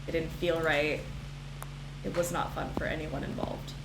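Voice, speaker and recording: Here a young woman plays and streams, her low voice barely moving in pitch at a normal speed, playful and repetitive in her casual commentary. Game music fills the roomy recording, and the background noise is heavy.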